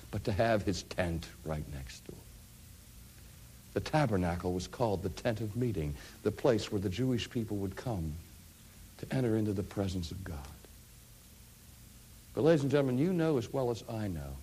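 A middle-aged man preaching a sermon, dropping to hushed near-whispers and rising to loud, ringing peaks. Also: fairly low pitch, breathy edge.

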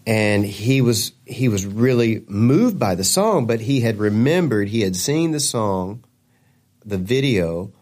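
Guy, low voice, telling a story in an interview, does the voices of folks he quotes. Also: animated, unhurried, a little mellow. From Kentucky. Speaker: gospel singer guest.

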